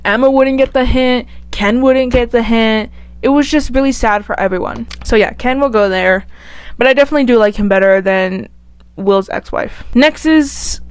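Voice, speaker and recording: A young woman chats casually on her own channel, gushing and rambling with plenty of "like". Her voice sits a little high. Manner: chatty, gushing, lots of "like". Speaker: YouTuber. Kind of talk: casual chat ranking TV characters.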